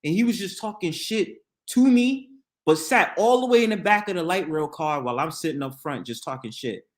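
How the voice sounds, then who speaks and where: A man hosting a casual talk show, telling stories in lively, slangy speech and laughing often. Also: fairly high pitch, fairly quick. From New York. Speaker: podcast host. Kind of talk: casual chat.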